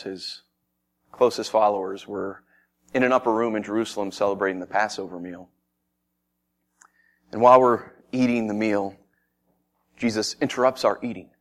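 A man preaching, telling a Bible story in first person as if he had been there, swinging from loud excitement to hushed tones and asking his listeners questions. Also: fairly low pitch, normal speed, long pauses. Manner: addresses listeners directly with questions.

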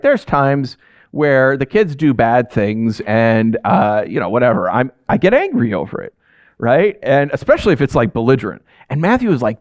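A man in his thirties preaching a sermon to his congregation, talking in a relaxed, animated way with frequent "right?" asides. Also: fairly high pitch, no room sound, muffled recording. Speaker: pastor.

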